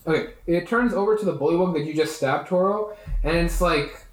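Casual game master, slightly high voice. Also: male voice, a little fast, roomy sound, rough recording. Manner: loose, many fillers, laughing narration. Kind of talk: narrating a tabletop game.

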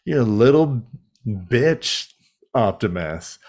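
A man's voice: medium pitch, expressive, slow pace, darkish tone. A man voicing a sneering male robot warlord who taunts his enemy with contempt. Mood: taunting.

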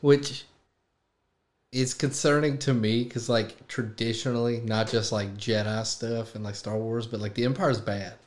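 A male podcast guest with a mid-range voice. He chats casually and tells stories with animated, joking delivery. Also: medium pitch, a little slow. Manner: animated, jokey storyteller. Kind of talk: casual chat.

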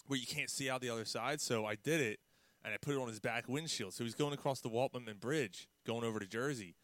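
A man telling prank stories in casual chat, animated, with loud mimicked outbursts. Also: mid-range voice, fast talker, no echo. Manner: animated storyteller, loud mimicked outbursts, laughs mid-story.

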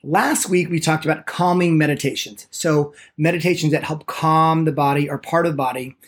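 Upbeat guy teaching meditation on a podcast, kinda high voice, gets excited and speeds up. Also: moderate pace. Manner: enthusiastic, speeds up when excited; lively pitch, acts out people's excuses.

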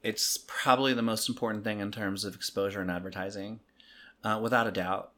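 A man's voice: on the low side, fairly quick. A man with a Southern US accent, telling stories in a casual, profane podcast chat as the guest. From American South. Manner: profane, animated storytelling. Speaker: interview guest.

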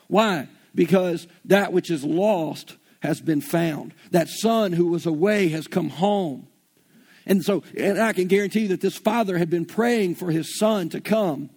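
A man's voice: sits high, a little slow, a little mellow, slightly rough. A man with a Southern US accent preaching an earnest, folksy sermon and retelling scripture in everyday slang. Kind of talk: conversational sermon.

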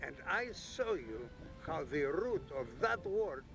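A gravelly, proud dad. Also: male voice, a little high, sing-song, unhurried. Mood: boastful. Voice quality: broken English, boastful lecturing manner. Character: proud middle-aged Greek immigrant father. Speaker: film character.

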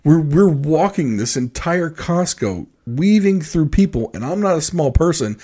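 A man on a podcast telling a rambling, animated story in casual chat. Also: a little high, unhurried. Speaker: podcast co-host.

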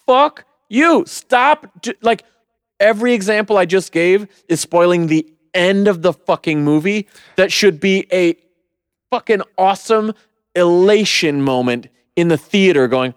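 A man's voice: high-pitched, lively intonation, a little slow, clear, resonant tone, no echo, clean studio sound. A young man co-hosting a casual movie review podcast, ranting with lots of swearing and mocking the people he quotes. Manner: profane, heated ranting with mocking quoted voices. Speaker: podcast co-host.

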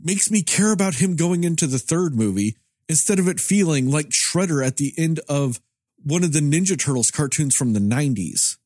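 A man's voice: fairly high pitch, normal speed, dry recording, clean studio sound. A man in casual chat about a movie, telling a comic story by acting out both sides of an exchange, with cursing and jokes. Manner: animated storyteller acting out customer and server; profane, comedic. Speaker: movie discussion co-host.

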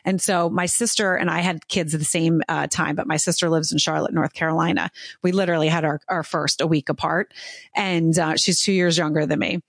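Woman, middle-aged, host, chatty storyteller, lowish voice, dry close sound. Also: steady tone, a little fast, creaky, no room sound. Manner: chatty, rambling storyteller acting out quoted dialogue. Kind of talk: casual interview chat.

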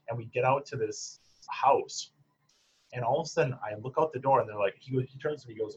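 A man with a medium-pitched, brisk, slightly breathy voice, a psychologist guest from Michigan's Upper Peninsula, tells stories in a casual interview. He's chatty, fills his speech with fillers, and laughs at his own stories. The recording sounds dull and lo-fi.

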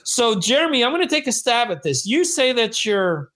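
Rambling, high-voiced American man chatting. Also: sing-song, moderate pace, few pauses, a bit bright. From United States. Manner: rambling, self-deprecating, jokey. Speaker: podcast host. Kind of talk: casual chat on a live stream.

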